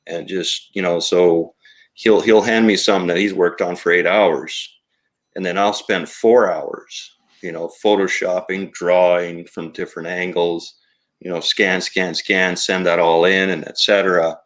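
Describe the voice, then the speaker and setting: Deep-voiced, rambling toy maker. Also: male voice, fairly even intonation, unhurried, a bit bright. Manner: rambling and reflective, with many fillers. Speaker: toy company co-founder. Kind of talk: casual podcast conversation.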